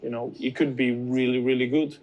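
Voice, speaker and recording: A man, a professional footballer, answering interview questions in a measured, hesitant way with frequent restarts. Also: mid-range voice, level tone, darkish tone.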